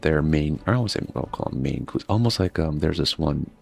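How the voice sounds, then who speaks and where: A gaming streamer with a bass voice chats casually while he plays a game, meandering between stories and swearing freely. He sounds animated, brisk, and creaky, with faint music behind him.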